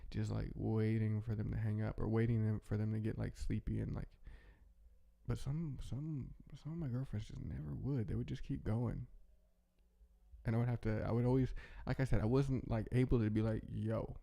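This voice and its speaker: A man hosting a casual, rambling monologue, talking in a relaxed way with many restarts. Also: on the low side, a little fast, vocal fry. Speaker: host.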